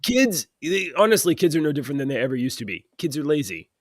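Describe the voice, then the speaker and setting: A man co-hosting a casual podcast, talking in a relaxed, rambling way with lots of fillers. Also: on the high side, fast talker, no echo, clean studio sound. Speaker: podcast co-host. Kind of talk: casual chat.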